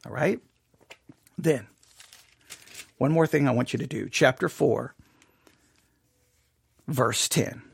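A man's voice: medium pitch, slow, gravelly, pauses often, husky, dry recording. A man teaching a Bible study class, thinking aloud and asking many rhetorical questions.

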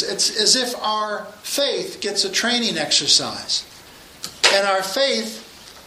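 A man's voice: high voice, bright, forceful tone, reverberant, a little hiss or hum, low-quality recording. A man preaching a sermon, emphatic and raising his voice to proclaim his points.

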